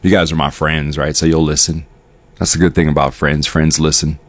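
A man sharing a personal story with his viewers, halting and reflective, often repeating words. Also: very deep voice, flat delivery, very noisy. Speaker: vlogger.

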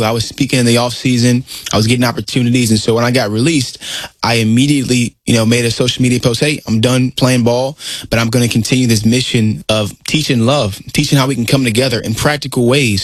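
A man's voice: medium pitch, no echo. A man in his thirties, a guest in a casual interview, talking earnestly and acting out the people he quotes. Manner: earnest, animated storyteller who acts out quotes.

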